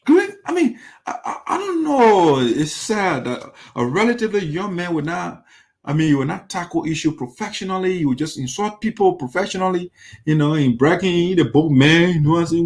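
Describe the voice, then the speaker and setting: A man's voice: a little high, lively intonation, normal speed, a little mellow. A man hosting a critical political commentary, indignant and full of rhetorical questions that circle back to the same points. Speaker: commentary show host.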